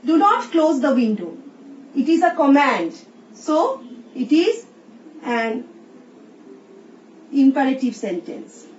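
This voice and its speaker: A woman teacher with an Indian English accent, slowly explaining a recorded English lesson and reading example sentences aloud. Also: sits high, big pitch swings. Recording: roomy, distant, dull sound with faint hiss.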